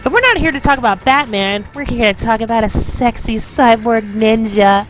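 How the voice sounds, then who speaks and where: A woman giving loud, playful gaming commentary, bickering as she plays. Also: a little high, normal speed, over music. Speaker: let's play host.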